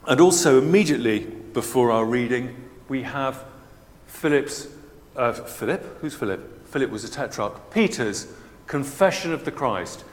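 A man preaching a sermon in a measured, explanatory, conversational way. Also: mid-range voice, animated. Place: church. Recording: long church reverb.

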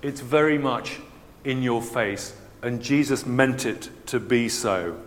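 A man preaching a sermon in a measured, explanatory, conversational way. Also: mid-range voice. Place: church. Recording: long church reverb.

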